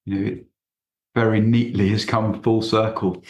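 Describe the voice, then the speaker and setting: A man hosting a podcast interview, gentle and appreciative, with hesitant fillers. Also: on the low side, flat delivery, normal speed. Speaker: podcast host. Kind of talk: interview conversation. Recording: echoey room sound.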